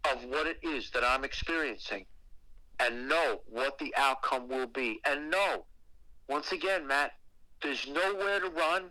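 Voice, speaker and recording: A man's voice: mid-range voice, sharp tone, no echo, rough recording. A man calling into a podcast to tell a frightening personal ghost story, profane and emphatic. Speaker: guest caller telling a ghost story.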